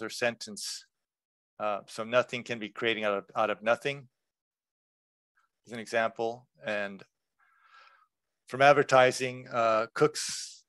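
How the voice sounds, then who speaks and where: A man presenting a workshop lecture in a relaxed, conversational way, explaining terms with examples. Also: medium pitch, clear, resonant tone, no room sound.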